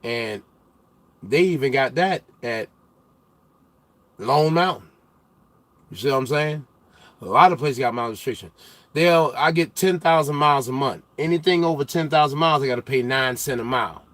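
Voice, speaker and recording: A young male trucker hosting a casual livestream, chatting with viewers in loose slang and getting loud and animated as he teases the chat. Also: mid-range voice, moderate pace, pauses often, dry recording. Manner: loose slang-heavy banter, gets loud and animated when teasing chatters.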